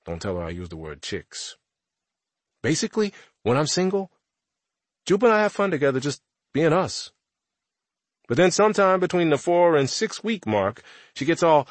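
A man's voice: fairly high pitch, sing-song, normal speed, long pauses, dry recording. A man narrating an audiobook in the first person as a teenage boy, with a wry, conversational delivery.

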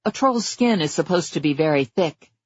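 Husky male audiobook narrator. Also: a little high, animated, moderate pace, dry recording, highs cut off. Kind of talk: scripted first-person narration.

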